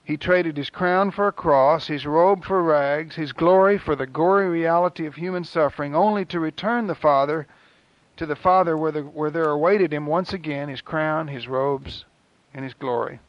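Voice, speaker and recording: A man preaching a sermon in an earnest, rhythmic way with dramatic pauses. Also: fairly high pitch, no room sound. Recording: dull, lo-fi dry recording.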